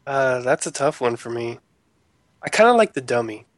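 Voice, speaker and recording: A man's voice: mid-range voice, animated, moderate pace, dry recording. Rambling man in casual chat. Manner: rambling, loose and profane.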